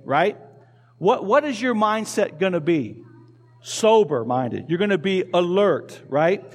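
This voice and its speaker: A male pastor preaching a sermon in a conversational way, asking the congregation questions and repeating key phrases. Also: high voice. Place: church.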